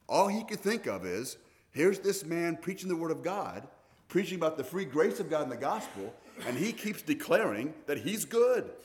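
A middle-aged man preaching a sermon, telling stories in a conversational way with frequent restarts. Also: medium pitch. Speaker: pastor.

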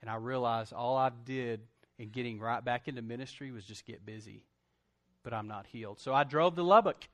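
A man's voice: mid-range voice, brisk. A male pastor, telling a personal story in a sermon and speaking straight to his congregation.

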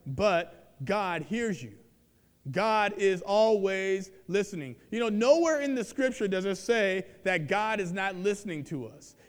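A man preaching a sermon, moving between loud emphatic proclamation and low, quiet confession. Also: clear, resonant tone. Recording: long hall reverb.

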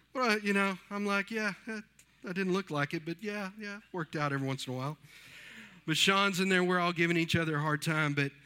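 In a church sanctuary, a pastor in his fifties gives a conversational sermon, telling stories and acting out what other people said. His mid-range voice is bright and forceful.

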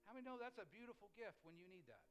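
A pastor delivering a sermon in a slightly high voice, with quiet music underneath. He tells his stories loosely and conversationally, often restarting his sentences mid-thought. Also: sing-song, rapid-fire, poor audio. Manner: conversational storytelling with frequent restarts.

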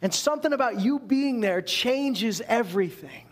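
A man from Canada with a high voice, preaching a sermon. He talks in a conversational, animated way and keeps asking his listeners questions. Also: normal speed. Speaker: pastor.

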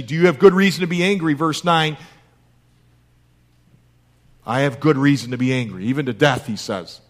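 A man's voice: mid-range voice, fairly bright tone. A man preaching a sermon in an earnest way, asking his listeners rhetorical questions. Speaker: pastor.

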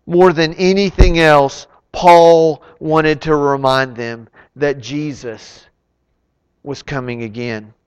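A man with a high, smooth, resonant voice delivers an impassioned sermon, leaning on slow, deliberate phrasing. His words ring out with the long echo of a large church sanctuary. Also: fairly even intonation, lo-fi sound. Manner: impassioned, slow and emphatic preaching. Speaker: pastor. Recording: long reverb of a large hall.

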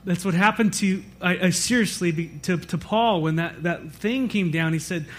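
A man with a high-pitched voice delivers a church sermon as its pastor. He preaches conversationally, wandering with fillers and quick self-corrections.

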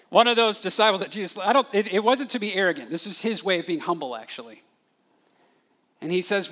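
A man preaching an expository sermon, animated, acting out the disciples' questions as he explains the passage. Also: high-pitched. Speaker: pastor.

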